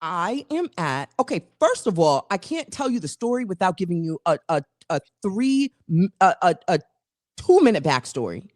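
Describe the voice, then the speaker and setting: A woman's voice: fairly low pitch, moderate pace, no room sound, clean studio sound. A woman co-hosting a casual talk show, telling a long, rambling story full of restarts and asides. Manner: animated, rambling, restarts stories. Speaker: co-host.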